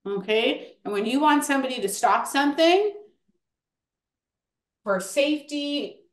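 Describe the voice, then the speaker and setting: A high-pitched woman leads a kids' workshop in an encouraging, animated way. Her voice carries a roomy echo. She keeps the children engaged with quick praise. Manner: encouraging, animated, counts kids in. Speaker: workshop host. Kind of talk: lively classroom-style teaching.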